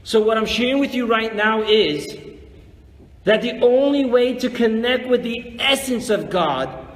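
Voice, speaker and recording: A man, a rabbi, teaching a live weekly religious class, animated and full of rhetorical questions, acting out grumbling voices. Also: extremely high pitch, unhurried. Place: lecture room before a live audience. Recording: echoey hall with long reverb, faint noise.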